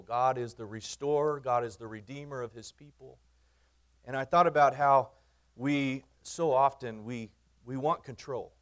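Earnest man preaching a sermon. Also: medium pitch. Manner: earnest preaching, repeating phrases for emphasis, swings from loud to quiet. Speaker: pastor. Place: church.

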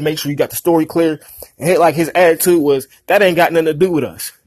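Young man, angry direct-to-camera commentary, profane, fairly high voice, dry close sound. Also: no room sound. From Pittsburgh, USA. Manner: heated, profane, repetitive, addresses viewers as y'all. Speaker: online newscaster.

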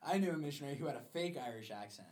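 A man's voice: a little high, rapid-fire, slight background noise. A man co-hosting a podcast, telling stories in casual chat with laughs. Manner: lively storytelling with laughs. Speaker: podcast co-host.

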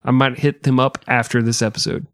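A man's voice: medium pitch, steady tone, fairly quick, creaky, a bit bright, no room sound, studio quality. A man co-hosting a history podcast, joking crudely and swearing often in casual banter. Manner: jokey, crude, swears a lot. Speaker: podcast co-host.

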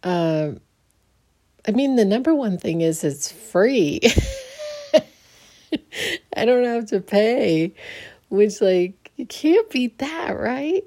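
A woman's voice: medium pitch, big pitch swings, slow pace, long pauses, mellow. A woman hosting her own podcast, chatting casually and rambling with many restarts, sleepy early in the morning. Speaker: podcast host. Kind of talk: casual solo podcast chat.

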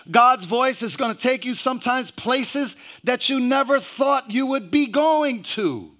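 This sermon comes from a man whose voice is very high. He keeps inserting hallelujah, stumbles and says words twice, trades jokes with the congregation, and rises to shouting.

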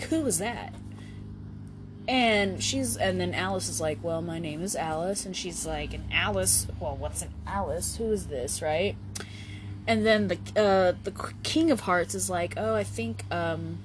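A woman's voice: on the low side, measured pace, noisy background. A woman podcast host retelling a story in a casual, slangy way, full of "like" and swearing. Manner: slangy, swears, many "like" fillers.

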